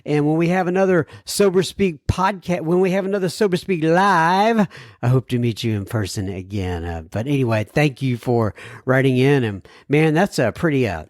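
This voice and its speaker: A man's voice: on the high side, lively intonation, normal speed, dry recording, clean studio sound. A man hosting a podcast, reading listener emails aloud and replying to them earnestly and gratefully. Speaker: podcast host.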